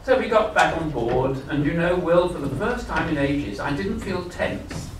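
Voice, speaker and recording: A man's voice: fairly high pitch, lively intonation, moderate pace. Man reading his story to a room, earnest and confiding, echoey hall, mic far off, some noise. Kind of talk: live reading of a first-person story. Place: festival event hall.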